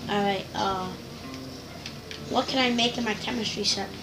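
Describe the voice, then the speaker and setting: A woman's voice: mid-range voice, fairly even intonation, moderate pace, poor audio. A woman casually narrating a video game session for viewers, rambling, joking at herself and giggling. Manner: rambling, giggly, self-mocking, addresses viewers. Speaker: gaming video host. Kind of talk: casual let's-play commentary. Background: game music.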